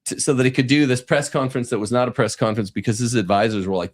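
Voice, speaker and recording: A man's voice: mid-range voice, rapid-fire, hardly any pauses. A middle-aged man hosting a talk show, giving sardonic, rambling commentary with frequent restarts. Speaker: podcast host. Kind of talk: casual commentary.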